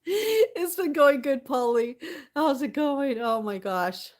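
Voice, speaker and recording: Speaking slowly in a high, slightly mellow voice with lively intonation, a young live streamer chats casually with her audience. She's giggly, laughs a lot, and welcomes viewers individually by reading their names from chat.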